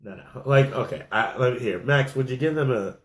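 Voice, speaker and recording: Casting: man, joking sports-show co-host, mid-pitched voice, echoey room. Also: fairly quick. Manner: joking, laughs often. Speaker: podcast co-host. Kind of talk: casual sports talk show.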